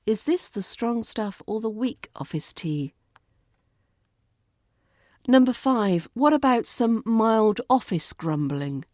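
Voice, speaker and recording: A woman with a British RP accent hosting a podcast lesson, speaking lightly and clearly and acting out example phrases. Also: on the high side, lively intonation, slow, long pauses, darkish tone, dry recording, clean studio sound. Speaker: accent coach and podcast host.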